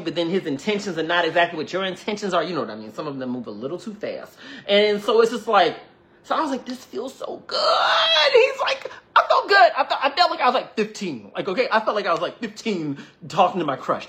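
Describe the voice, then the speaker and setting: A man with a fairly high voice tells a long personal story to a live audience. His delivery is chatty and animated, full of fillers like "like" and "you know". He keeps breaking off to address his viewers. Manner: slips into quoted dialogue and asides to viewers. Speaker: livestream host.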